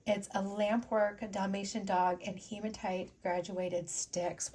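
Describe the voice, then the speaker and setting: Slow-talking, gushing crafting host woman. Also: mid-range voice. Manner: gushing, excitable, chatty with frequent gasps. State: teary and sniffly after sneezing. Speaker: jewelry-making channel host. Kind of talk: casual unboxing and crafting vlog.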